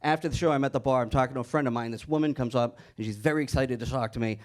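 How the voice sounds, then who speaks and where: A man's voice: mid-range voice, very fast, a little mellow. A middle-aged man doing a stand-up comedy set on a club stage, telling a story and acting out the other people's lines in changing voices. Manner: storytelling, acts out dialogue with shifting voices.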